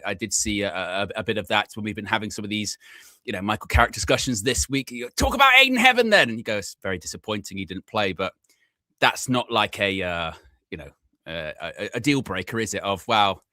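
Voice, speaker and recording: A man hosting a live football watchalong, chatty and excitable, laughing often as he runs through team news. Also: on the low side, brisk, dry recording. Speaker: fan channel host.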